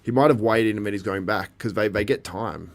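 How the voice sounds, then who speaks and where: Chatty male livestream host, lowish voice. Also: brisk. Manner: chatty, reacting to the live feed and chat, laughs often. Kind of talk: casual live commentary.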